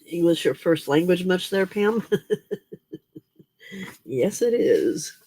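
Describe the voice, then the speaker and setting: A tired, yawning woman hosting a late-night crafting livestream, chatting with viewers by name in a relaxed way. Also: fairly low pitch, slow pace, dry recording. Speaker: livestream host.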